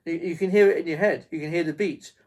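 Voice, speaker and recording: A man teaching a beginner drum lesson in a halting way, with many fillers and restarts, counting beats aloud. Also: a little high, darkish tone. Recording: faint noise with drum pad clicks.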